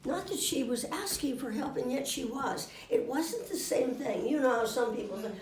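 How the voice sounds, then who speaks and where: An older woman getting over a cold, telling anecdotes to a small audience in a lively, animated way and acting out the voices. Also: sits high, moderate pace. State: finishing a cold. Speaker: guest storyteller. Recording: roomy room, mic far off.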